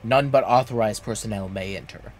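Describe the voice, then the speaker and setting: A man voicing a creepy knight in black armor, pushing his voice deep and reading slowly and solemnly. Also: a loud crowd, lightly acted. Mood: ominous. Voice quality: deep, strained low voice.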